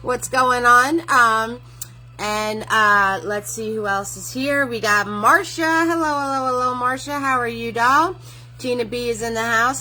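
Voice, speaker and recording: A woman's voice: fairly high pitch, bright, forceful tone. A middle-aged woman hosting a live painting class, greeting viewers by name in a bubbly, chatty way. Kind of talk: casual livestream painting lesson.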